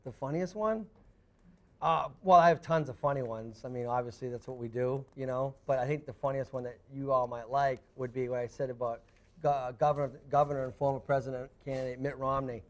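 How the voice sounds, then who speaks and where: A middle-aged man, a guest fisherman on a studio talk show, telling stories in an animated way and laughing through them. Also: medium pitch, brisk. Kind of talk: animated storytelling. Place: TV studio with live audience.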